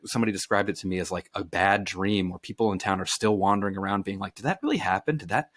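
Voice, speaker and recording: A man who is a journalist and author, a guest on a podcast, telling stories in a casual, animated way, swearing freely and often restarting his phrases. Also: deep voice, no echo, studio quality. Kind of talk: casual conversational storytelling.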